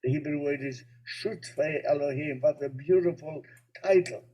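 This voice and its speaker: Mellow-voiced man giving a spiritual talk. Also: fairly high pitch, moderate pace, poor audio. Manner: storytelling, gently humorous, warmly explanatory. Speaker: rabbi.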